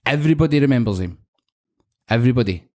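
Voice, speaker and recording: A man's voice: mid-range voice, expressive, fast talker, a little mellow. A Scottish man hosting a podcast in casual chat, swearing freely and acting out phone calls as he tells stories. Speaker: podcast host.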